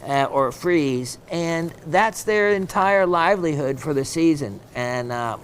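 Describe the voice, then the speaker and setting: A man's voice: a little high, expressive, measured pace, slight background noise. A man hosting a gem shopping show, chatting casually and reading viewer messages aloud, with plenty of ums and uhs.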